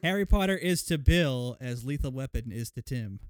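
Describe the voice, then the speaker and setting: A man's voice: mid-range voice, animated, normal speed, clear, resonant tone, dry recording, clean studio sound. A young man co-hosting a casual podcast chat, emphatic and jokey, swearing freely. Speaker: podcast co-host.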